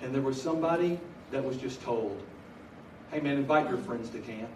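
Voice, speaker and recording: A middle-aged man preaching a story with humor, animated, shifting from loud bursts to hushed earnest telling. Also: mid-range voice, normal speed. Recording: echoey hall from far off, noisy.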